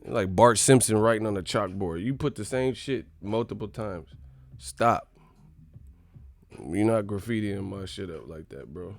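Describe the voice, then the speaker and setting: A man with a Californian accent hosting a casual live stream, loud and joking, swearing and laughing a lot. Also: fairly low pitch, measured pace, gravelly, no room sound.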